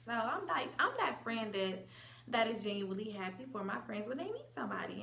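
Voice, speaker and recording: Gravelly, bright-voiced young woman vlogger. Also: fairly high pitch, fairly quick, echoey room, slight background noise. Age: young adult. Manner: animated, slangy, acts out quotes. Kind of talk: casual storytime vlog.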